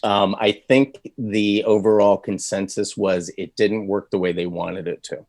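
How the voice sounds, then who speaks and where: Low-voiced man telling studio stories. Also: fairly even intonation, a little slow, darkish tone, no room sound. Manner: rambling storyteller with frequent restarts and laughs. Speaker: voice actor guest. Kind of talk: casual interview chat.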